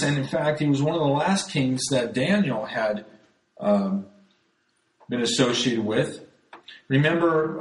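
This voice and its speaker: In a reverberant, low-quality recording, a man with a mid-range voice teaches scripture in a chatty, sermon-like way. He keeps calling the audience "folks" and frequently starts his sentences over.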